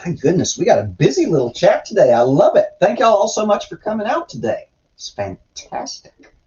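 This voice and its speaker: A man's voice: high voice, wildly swooping pitch, moderate pace, warm tone, a little hiss or hum. A man hosting a casual livestream, joking irreverently as he reads chat and comments on scripture. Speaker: host reading and commenting on scripture. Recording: dull lo-fi stream audio.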